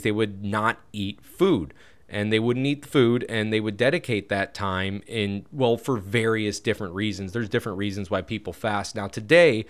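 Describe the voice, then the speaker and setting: Brief: man with a lowish voice, relaxed Bible-teacher delivery, chatty and direct. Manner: conversational, with restarts and asides to listeners.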